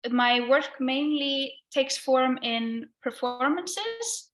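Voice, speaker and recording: Slow-speaking woman artist giving a talk. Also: on the high side, steady tone, a bit bright. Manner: thoughtful, hesitant with fillers. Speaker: guest artist. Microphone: video call with headphones.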